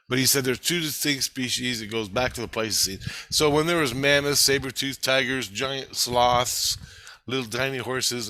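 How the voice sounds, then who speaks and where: Excitable, profane man with a bright voice. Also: medium pitch, no echo. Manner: laughs often while talking. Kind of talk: rambling monologue to camera.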